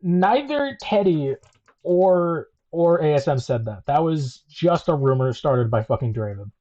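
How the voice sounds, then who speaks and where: A man's voice: on the high side, lively intonation, measured pace, mellow, lo-fi sound. Hesitant man hosting a panel. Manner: hesitant, second-guessing, many restarts. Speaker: panel host. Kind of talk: casual livestream panel talk.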